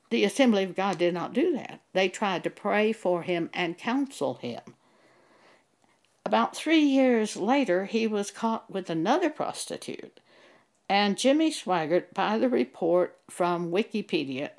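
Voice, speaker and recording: Earnest older woman teaching scripture, gravelly. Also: medium pitch, lively intonation, a little slow, darkish tone. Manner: earnest, emphatic, quotes scripture. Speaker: Bible teacher. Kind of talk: recorded Bible teaching.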